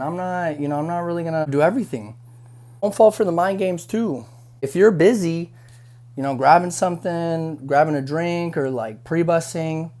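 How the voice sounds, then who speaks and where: A man's voice: a little high, darkish tone. A young man working as a restaurant busser, giving frank, conversational advice to camera with many fillers and restarts. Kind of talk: casual advice monologue.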